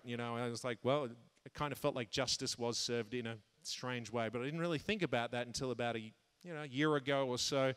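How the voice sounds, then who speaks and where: A man telling a personal story in a sermon to a men's conference, animated, jumping high when he acts out his own thoughts and laughing at himself. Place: large conference hall. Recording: long hall reverb.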